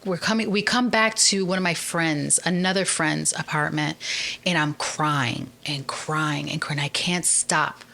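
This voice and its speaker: Woman guest with a low-set, bright, forceful voice; earnest, lively storyteller. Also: measured pace, creaky. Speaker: podcast guest. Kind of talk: candid personal storytelling in a conversation.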